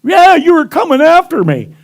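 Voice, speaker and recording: A man doing a startled young student, high and jumpy. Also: huge pitch swings, moderate pace, gravelly, heavily acted. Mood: alarmed.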